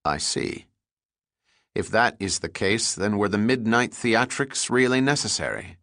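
Man doing a seaman, male, dry, wry, unflappable, low, quiet, dry audiobook. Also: animated, measured pace, no echo, exaggerated voice.

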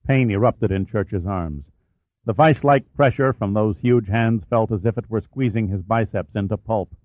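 A man narrating an audiobook in a measured, dramatic way, his voice pitched in a middle range. The sound is dry and squeezed into a narrow, phone-like band. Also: no room sound. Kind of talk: scripted narration.

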